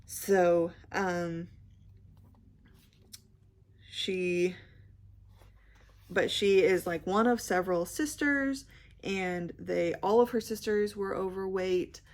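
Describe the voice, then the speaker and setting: A young woman chatting casually about books she read, rambling with many fillers and pausing to search for words. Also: on the low side. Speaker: book vlogger. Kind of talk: casual book review chat.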